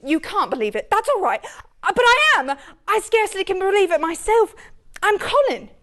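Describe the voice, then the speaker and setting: A woman's voice: very high voice, sing-song, normal speed, a bit bright, pitched above the performer's own voice, heavily acted. A woman voicing an eager young boy with a put-on Yorkshire accent, stammering with joy in a dramatic story reading. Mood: eager, overjoyed. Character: sickly young boy, newly well, overjoyed.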